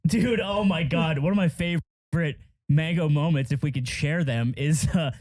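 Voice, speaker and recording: A man in his thirties with a fairly high voice rambles through a story among friends, stopping and restarting. The sound is dry and close. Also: normal speed, darkish tone, no echo. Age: 30s. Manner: rambling storyteller, many fillers. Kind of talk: casual chat among friends.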